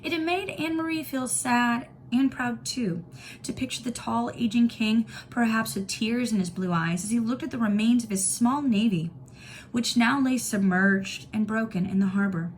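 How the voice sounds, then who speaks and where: A woman's voice: a little high, moderate pace, a little hiss or hum. Woman teacher reading a novel aloud. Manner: clear, steady storytelling.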